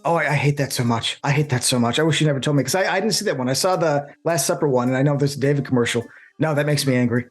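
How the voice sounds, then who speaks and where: A man's voice: on the high side, very fast, soft background music. A man co-hosting a show, complaining animatedly in casual debate and breaking into put-on voices. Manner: animated, complaining, acts out voices mid-sentence. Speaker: co-host debating a film.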